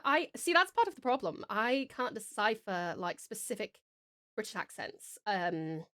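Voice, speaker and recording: Aussie woman streamer chatting away, lots of ums, calls chat darling, pretty high voice. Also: expressive, normal speed, pushed and bright, dry recording, studio quality. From Australia. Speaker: streamer and voice actor. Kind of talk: casual livestream chat.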